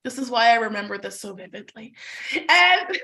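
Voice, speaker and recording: A middle-aged woman from Canada telling a lively personal story in a webinar. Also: a little high, moderate pace. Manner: animated storyteller who acts out voices. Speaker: webinar presenter.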